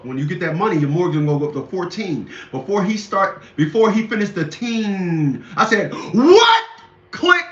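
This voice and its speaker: High bright-voiced man ranting, echoey. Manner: emphatic, repetitive, preachy. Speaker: commentary show host. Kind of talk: casual monologue commentary. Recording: echoey lo-fi room recording.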